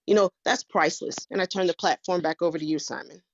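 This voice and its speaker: A woman's voice: on the low side, fast, dry recording, muffled recording. A woman guest speaking encouragingly in a casual online discussion.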